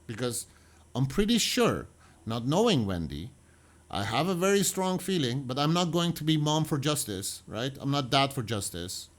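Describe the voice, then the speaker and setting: A man commenting on a video in an animated, argumentative way, often acting out quotes. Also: mid-range voice, moderate pace. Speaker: true crime reaction commentator. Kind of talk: reaction commentary.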